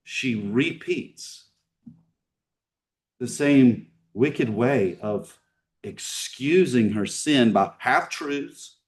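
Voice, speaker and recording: Preaching in a church sanctuary, this male pastor keeps a plain, conversational tone and peppers the congregation with rhetorical questions. His mid-range voice stretches words out, alternately pressing hard on some lines and dropping to a hush on others. He is heard from a bit away from the microphone.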